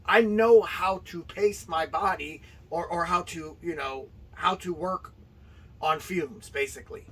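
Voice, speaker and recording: A man's voice: fairly high pitch, pushed and bright. A middle-aged man, a professional wrestler, telling his story as an interview guest and acting out the dialogue. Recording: distant mic with faint noise.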